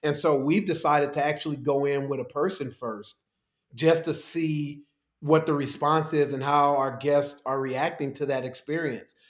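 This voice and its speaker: Speaking at a moderate pace with fairly even intonation and a fairly high pitch, a man who's a tech executive guests on a podcast interview. He tells stories in a relaxed way, laughing often, in a room with noticeable echo.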